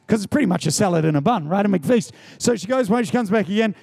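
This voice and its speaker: A man preaching a sermon in a high voice with a gravelly edge. He talks in an animated, storytelling way and hammers points home by repeating them. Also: racing, few pauses. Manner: animated, storytelling, emphatic repetition. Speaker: pastor.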